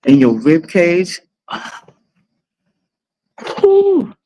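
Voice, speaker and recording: A woman's voice: lowish voice, huge pitch swings, very slow, mellow, rough recording. A woman in her forties hosting a livestream, chatting casually with blunt, profane, dramatic storytelling. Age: 40s. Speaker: livestream host.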